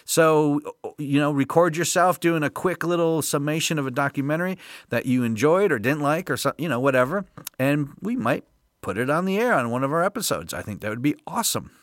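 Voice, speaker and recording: A man's voice: on the high side, lively intonation, a little fast, no room sound, clean studio sound. A man hosting a podcast, talking in a casual, upbeat, rambling way with many fillers. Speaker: podcast host.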